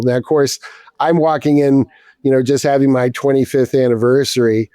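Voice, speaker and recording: A man's voice: medium pitch, flat delivery, brisk, warm tone, smooth, no echo. Male, 50s, distiller guest; rambling casual storyteller, mid-range voice, dry close sound. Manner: rambling, with many restarts and casual swearing.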